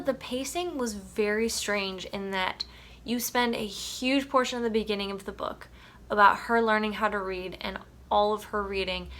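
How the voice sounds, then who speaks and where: Bright, chatty woman reviewing books. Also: mid-range voice. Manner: chatty, animated, emphatic. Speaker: book reviewer. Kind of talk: casual book review vlog.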